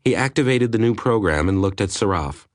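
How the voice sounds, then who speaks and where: A man reading an audiobook aloud in a measured, even narration. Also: lowish voice, dry recording, clean studio sound. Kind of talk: scripted narration.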